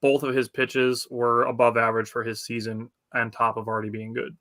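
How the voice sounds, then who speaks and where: A man co-hosting a sports podcast, telling game stories in an excited, chatty way. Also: medium pitch, a little fast. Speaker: podcast co-host. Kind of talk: casual sports chat.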